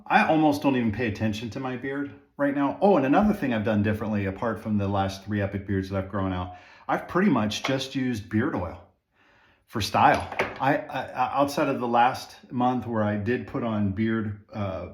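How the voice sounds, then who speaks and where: A man casually talking viewers through trimming his own beard at home, rambling with fillers and asides. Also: lowish voice. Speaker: beard-grooming vlogger. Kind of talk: casual how-to talk while trimming. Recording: echoey room.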